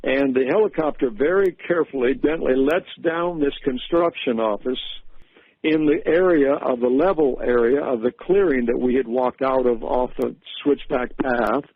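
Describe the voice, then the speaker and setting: A man with a middle-pitched voice tells a long, unhurried story on air, stopping often for fillers and restarts. His voice comes through a narrow, phone-like radio line and sounds dry, with no room around it. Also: no room sound. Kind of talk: recounting a vision on radio talk.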